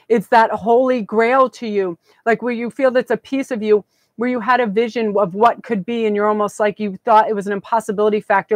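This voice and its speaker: A woman's voice: medium pitch, no echo. Woman doing a live tarot stream, all gushy and breathless, dry close sound. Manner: effusive, breathless, gushing. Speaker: tarot reader.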